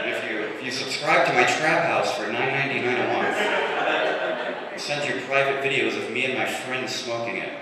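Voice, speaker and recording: A young man in his twenties doing a deadpan stand-up set, slipping into voices for the people he quotes. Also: medium pitch, normal speed, recorded from a distance, over a noisy crowd. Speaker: stand-up comedian. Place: comedy club stage. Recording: roomy live club recording with room noise. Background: audience laughter.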